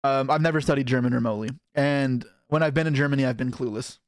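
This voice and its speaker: A man's voice: mid-range voice, fast, no echo, studio quality. A young man from Canada chatting casually on a live stream, rambling and self-deprecating as he reacts to chat.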